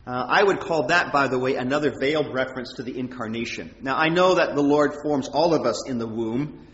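Man preaching in an echoey hall. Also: brisk. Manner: conversational, animated, rises in pitch for quoted prayers. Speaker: pastor. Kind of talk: sermon. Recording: echoey hall, dull sound.

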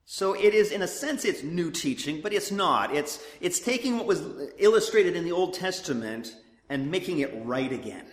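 A man's voice: sits high, normal speed. A man giving conversational Bible teaching in sermon style, often restarting his sentences. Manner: animated, conversational, with frequent restarts. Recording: echoey hall.

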